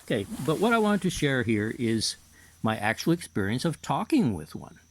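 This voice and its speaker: A man's voice: mid-range voice, very animated, moderate pace. Man, middle-aged, hypnotherapist, casual story, matter-of-fact, reading notes aloud, mid-range voice. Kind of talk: casual first-person storytelling.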